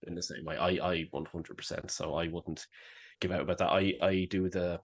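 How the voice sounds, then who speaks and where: A man's voice: low-pitched, little pitch movement, brisk. A young Irish man co-hosting a podcast, grumbling in a wry, self-mocking casual chat. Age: young adult. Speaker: podcast co-host.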